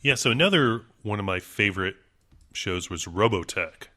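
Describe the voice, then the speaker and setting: A man's voice: lowish voice, expressive, moderate pace, bright, forceful tone. A man co-hosting a casual podcast chat, enthusiastic and full of fillers. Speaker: podcast co-host.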